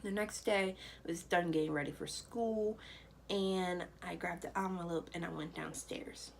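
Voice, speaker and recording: Young woman, casual vlog storyteller, slightly low voice, chatty and rambling. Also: steady tone, moderate pace, creaky, slight background noise, low-quality recording. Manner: chatty, loose, full of "you know" and "like". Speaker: vlogger. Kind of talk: personal storytelling to camera.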